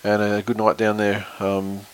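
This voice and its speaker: A podcast co-host rambles casually about football, swearing a lot and laughing often. His fairly low, smooth voice stays completely flat at a moderate pace.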